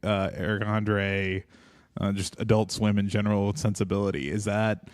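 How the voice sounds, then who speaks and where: Low-voiced man hosting a dry-sounding podcast. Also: level tone, moderate pace, smooth, no echo. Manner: easygoing, asks questions, some hesitant restarts. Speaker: podcast host. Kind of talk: casual interview chat.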